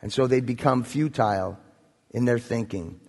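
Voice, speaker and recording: Husky preacher in an echoey hall. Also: male voice, mid-range voice, normal speed, a little mellow. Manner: earnest, storytelling, building to emphasis. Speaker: pastor. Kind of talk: sermon.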